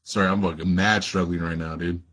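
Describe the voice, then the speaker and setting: A man's voice: low voice, steady tone, brisk, a bit bright. A man hosting a casual livestream, talking loosely and profanely straight to his viewers. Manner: laid-back, profane, talks straight to viewers. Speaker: livestream host.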